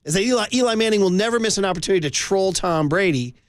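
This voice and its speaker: A man hosts sports talk radio in a lively, chatty manner. His voice sits high, and the studio sound is close and dry. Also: racing, dry recording. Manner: animated, chatty. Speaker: radio host.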